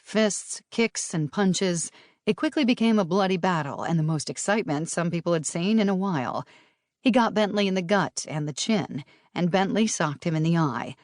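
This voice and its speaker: Low-voiced woman narrating an audiobook. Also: a little mellow, no room sound, studio quality.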